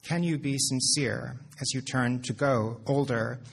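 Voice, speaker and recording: A man, a poet, reading his own poetry in a measured, deadpan recitation. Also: mid-range voice, gravelly, husky.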